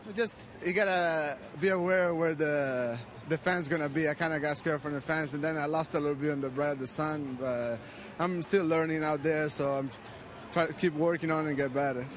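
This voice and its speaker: Brief: young male ballplayer, modest halting answers, faint noise behind. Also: on the high side, fairly even intonation. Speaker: baseball player.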